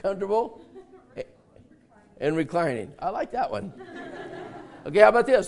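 An older male pastor delivers a sermon in a high, gravelly voice. He draws words out of the congregation and repeats them back. He slips into folksy stories with a chuckle. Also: big pitch swings, normal speed, long pauses. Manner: interactive, asks congregation and repeats answers; folksy storytelling with laughs.

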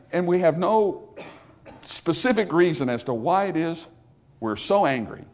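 Male pastor, high, animated voice, emphatic sermon with call-and-response. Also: measured pace.

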